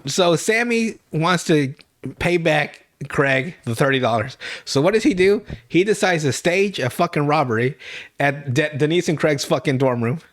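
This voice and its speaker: Young guy podcast host, kinda high voice, swears a lot and cracks up at his own story. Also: animated, moderate pace. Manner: rambling, profane, laughs loudly at his own story. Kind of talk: casual episode recap.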